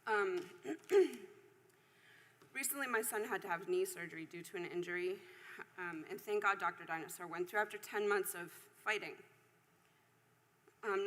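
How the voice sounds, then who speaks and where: A woman in her forties reads her statement at a council podium, earnest and a little nervous. Her voice is bright and clear, with a crisp edge. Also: medium pitch. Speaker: hospital lab worker. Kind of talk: read public comment. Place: city council chamber.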